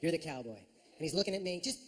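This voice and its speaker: A man's voice: a little high, lively intonation, fast talker, fairly bright tone. A man performing a stand-up routine on a club stage, telling a story with big swings in his voice. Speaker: stand-up comedian. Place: comedy club stage before a live audience. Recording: reverberant club hall with audience noise.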